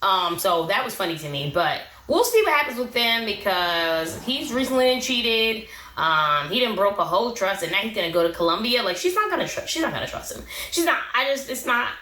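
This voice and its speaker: A young woman speaking gives an animated, opinionated reality show recap, full of "um" and "like." Her voice is bright, and the room around her is echoey. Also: medium pitch, brisk, slight background noise. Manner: chatty, animated, opinionated, with many "um" and "like".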